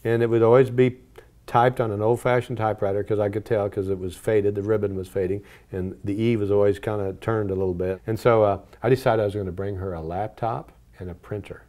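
Older man, mellow lowish voice, earnest reminiscing, lively in dialogue. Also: a little fast. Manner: earnest, animated when quoting dialogue. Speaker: interview guest. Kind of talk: personal storytelling.

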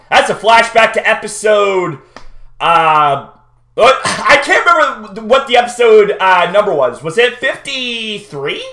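A man hosting a live-stream reaction, excitable and swearing freely as he greets his chat by name. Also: high voice, unhurried.

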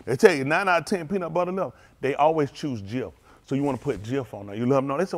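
A man's voice: medium pitch, fast. A man preaching as a pastor, talking loosely and teasing his congregation in slang. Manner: playful, teasing, drawling street slang. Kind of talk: loose joking sermon talk to a congregation.

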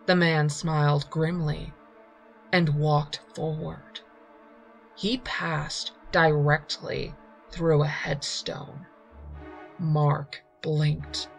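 A woman narrates a ghost story in an unhurried, measured way. Her voice sits low with a gravelly fry, and faint music plays underneath. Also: little pitch movement. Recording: reading over faint music.

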